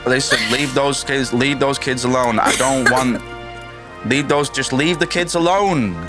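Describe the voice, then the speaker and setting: A man's voice: mid-range voice, music in the background. A man co-hosting a comedy podcast, going on profane, rambling rants that end lines with "man". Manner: profane, ranting, drawn-out "man" at line ends. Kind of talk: improvised comedic rant.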